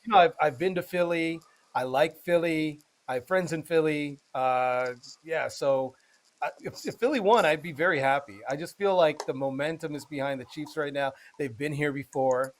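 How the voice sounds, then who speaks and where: A man's voice: on the high side, moderate pace. A man co-hosting a podcast, explaining celebrity news in a loose, chatty way full of filler sounds. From United States. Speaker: podcast co-host. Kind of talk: casual chat.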